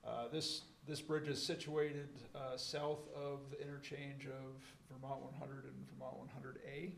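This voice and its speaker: A man presenting at a public meeting, slow and hesitant with frequent fillers. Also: medium pitch, completely flat delivery, vocal fry, roomy sound, a little hiss or hum. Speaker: engineer presenting.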